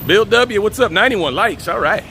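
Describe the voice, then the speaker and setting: A man's voice: sits high, a little fast, vocal fry, noisy background. Chatty man streaming on a street walk. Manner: relaxed, chatty, laughs often, reads chat aloud. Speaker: live-stream host. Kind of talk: casual walk-and-talk live stream. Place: outdoors on city streets, walking.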